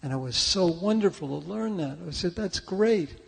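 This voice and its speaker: A man's voice: on the high side, expressive, brisk, gravelly, slightly rough, long reverb tail. An older man giving a conversational, story-filled sermon at a church service. He talks in a chatty, self-deprecating way and often restarts his sentences. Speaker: speaker at a spiritual church service. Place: church sanctuary.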